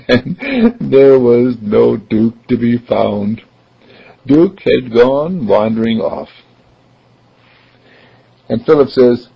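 A man telling a story slowly and gently, with big pitch swings. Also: big pitch swings, gravelly, slightly rough. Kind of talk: told story. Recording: dull lo-fi recording.

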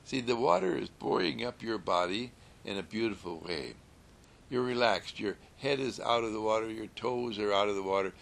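A man telling a story in a gentle, soothing sermon style, repeating calm affirmations. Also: lowish voice, normal speed, creaky, a little hiss or hum.

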